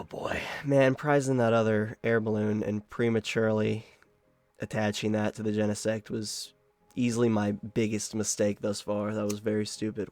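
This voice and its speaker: A man's voice: lowish voice, no room sound. Young guy narrating his card game match, voice bouncing all over, cussing n laughing, lil bit of music behind. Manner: animated self-talk, swears, laughs at his own luck. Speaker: card game content creator. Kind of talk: casual live gameplay commentary.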